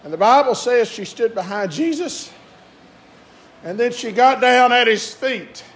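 High-voiced preacher in an echoey hall. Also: male voice, lively intonation. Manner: swings from quiet, conversational asides to drawn-out shouted climaxes. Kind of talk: sermon. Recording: echoey room with faint crowd and noise.

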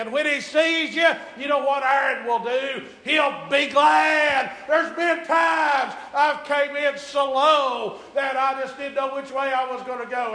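A man preaching a sermon in a church, shouting in a chanting preaching cadence. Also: extremely high pitch. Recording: echoey church room.

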